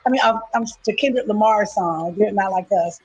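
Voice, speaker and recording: A woman's voice: mid-range voice, a little fast, faint music behind, poor audio. A woman reporting from the field, recapping an event earnestly with a few fillers. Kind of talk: news report, live recap.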